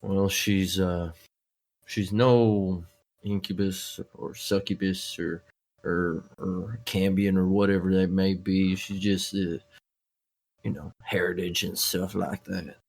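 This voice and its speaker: A man's voice: low voice, steady tone, slow pace, a little mellow. A man playing a tabletop game, speaking hesitantly with many fillers. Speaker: player.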